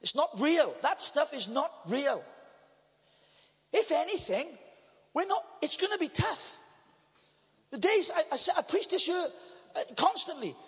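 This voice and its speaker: A blunt, impassioned Welsh man preaching from a church pulpit, his unusually high voice leaping up and down as he drives his points home. The sermon echoes with a long church reverb, and the recording is dull and lo-fi. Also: lively intonation, measured pace, long pauses, a bit bright. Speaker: pastor.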